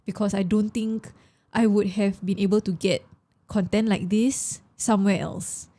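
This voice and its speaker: Young Singaporean woman, podcast co-host, mellow tone, emotional and chatty, slips into Malay. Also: mid-range voice, steady tone, normal speed. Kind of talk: casual chat.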